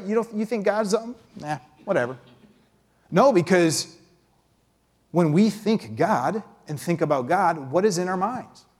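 Conversational man preaching a sermon. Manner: conversational, acts out quick impressions with pitch jumps.

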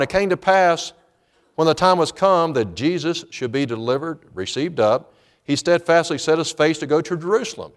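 A male pastor with a slightly high voice preaches a sermon and reads scripture. His delivery swings between loud, emphatic lines and hushed ones.

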